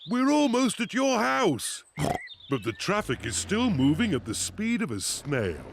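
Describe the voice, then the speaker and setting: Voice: medium pitch, huge pitch swings, a little slow, vocal fry, a little hiss or hum, full character voice. A good-humoured daddy pig. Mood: easygoing.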